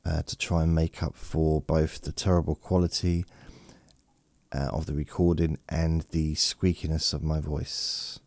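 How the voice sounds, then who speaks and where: Deep gravelly man, slow and drowsy. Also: level tone, darkish tone, dry recording. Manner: meandering, self-deprecating, drowsy. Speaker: podcast host. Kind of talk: rambling bedtime podcast monologue. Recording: processed close-mic studio voice.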